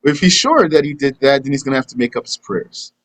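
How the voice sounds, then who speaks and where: This Islamic teacher talks quickly, his mid-range voice full of lively intonation. He leads a live religious lesson, answers questions and acts out imagined dialogues conversationally, all on poor audio.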